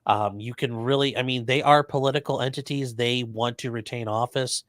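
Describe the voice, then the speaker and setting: A man's voice: medium pitch, fairly even intonation, fairly bright tone, no echo, studio quality. A man hosting a livestream, chatting casually and reading out viewer messages, often stumbling over his words. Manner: halting, repeats words, reads super chats aloud. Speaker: livestream host.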